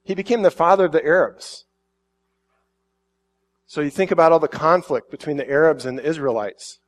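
A middle-aged man with a fairly high voice, preaching a sermon. He reads a passage and then reflects on it in an easy, conversational manner, often restarting phrases and acting out little quotes. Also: moderate pace. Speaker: pastor.

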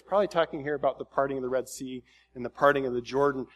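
A man teaching from the Bible in a relaxed, conversational way, often restarting phrases and reading scripture aloud with rising emphasis. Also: medium pitch, quick pace. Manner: casual, thinking aloud with frequent restarts.

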